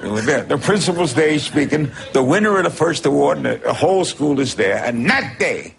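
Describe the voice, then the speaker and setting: A man's voice: fairly high pitch, normal speed, gravelly. An older man with a New York accent telling a comic anecdote, laughing as he goes. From New York City. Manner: animated storytelling, laughing often. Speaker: storyteller. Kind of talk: comic anecdote, archive clip.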